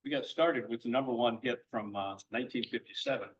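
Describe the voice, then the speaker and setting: A man's voice: mid-range voice, brisk. A man co-hosting a sing-along, giving facts about the songs and teasing his partner a little. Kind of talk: introducing songs. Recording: distant, dull sound.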